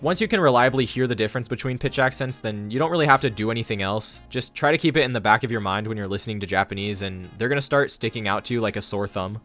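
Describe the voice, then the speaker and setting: A man's voice: lowish voice, quick pace, hardly any pauses, fairly bright tone, faint music behind. A man giving a scripted explainer monologue on language learning, matter-of-fact and confident.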